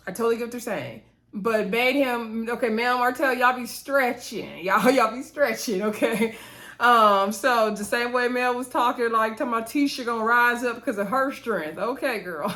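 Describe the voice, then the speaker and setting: A woman with a lilt talks through a TV episode like she's catching up a friend. She slips into the cast's voices for quoted lines and keeps adding her own quick asides. Her pitch sits right in the middle for a woman. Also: fairly bright tone. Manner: chatty, retells scenes with quoted dialogue and asides. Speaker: TV recap host. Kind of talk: casual show recap.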